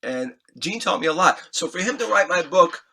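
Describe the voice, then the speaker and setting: Excitable husky man telling a story. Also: high voice, normal speed. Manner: excitable, acts out scenes, swears freely. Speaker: guest musician. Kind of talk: animated anecdote telling.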